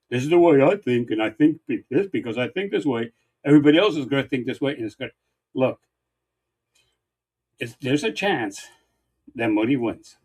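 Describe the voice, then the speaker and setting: A man co-hosting a talk show, arguing heatedly and counting off his points one by one, often repeating himself for emphasis. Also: mid-range voice. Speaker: political show co-host. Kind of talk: heated political debate.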